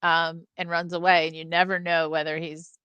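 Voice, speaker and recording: A woman's voice: on the low side, level tone, moderate pace, clear, resonant tone, no room sound, muffled recording. Woman telling a film anecdote. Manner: tells anecdotes, throws in character voices. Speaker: film review co-host. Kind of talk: casual film discussion.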